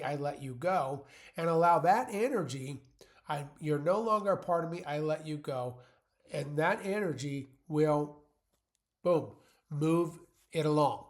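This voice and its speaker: Male channel host, voice a touch high, in-your-face and unpolished, loose motivational monologue. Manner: blunt, plain-spoken; rambling, many fillers and restarts.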